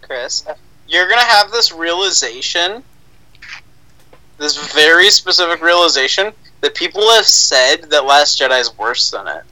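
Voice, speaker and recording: A young man with a very bright, sharp voice and lively pitch, making his points in a mock-solemn, insistent way. The recording is dry and close. He talks in a casual podcast chat. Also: unhurried, no echo, poor audio. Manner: mock-solemn and insistent, repeats names for emphasis. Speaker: podcast co-host.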